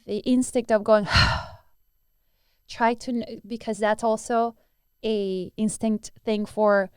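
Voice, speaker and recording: A woman's voice: mid-range voice, flat delivery, measured pace, darkish tone, clear, resonant tone, dry recording, clean studio sound. A woman who teaches breathwork, answering interview questions earnestly and demonstrating breathing sounds as she explains.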